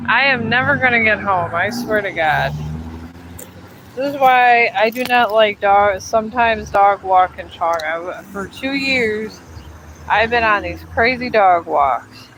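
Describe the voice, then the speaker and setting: A woman livestreams her dog walk outdoors along a hilly street as a casual live vlog, weary and grumbling while coaxing her dog up the hills. Her medium-pitched voice has lively intonation, but she speaks slowly with long pauses, and there's background noise.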